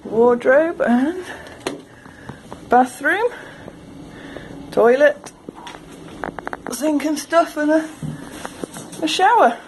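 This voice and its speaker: A woman chatting her way around a ferry as a travel vlogger, lively and quick to laugh. Her voice sits a little high. A constant hum of ship noise runs under everything she says. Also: poor audio. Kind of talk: casual walk-through commentary. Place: ferry car deck and cabin.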